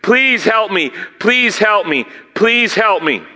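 A man's voice: sits high, expressive, takes it slowly, bright, forceful tone, pitched above the performer's own voice, exaggerated voice. A man voicing a desperate woman begging for help, pleading in repeated calls. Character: desperate begging mother from ancient times. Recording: long hall reverb.

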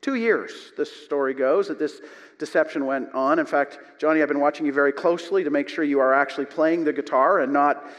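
A man preaching a sermon from the front of a church, his voice sitting a little high. He tells stories with animated swings between loud and quiet. The sound carries the long reverb of a large hall. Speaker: pastor. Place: church sanctuary.

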